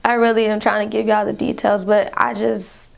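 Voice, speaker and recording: A woman's voice: medium pitch, little pitch movement, normal speed, gravelly. Young woman, tearful storytelling vlog. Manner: rambling, addresses viewers as y'all, fighting back tears. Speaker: vlogger.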